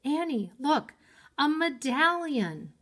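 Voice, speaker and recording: A woman's voice: high-pitched, very animated, slow, pitched above the performer's own voice, full character voice. A woman voicing a cautious, serious young boy in a read-aloud storybook. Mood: eager. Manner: worried, hushing.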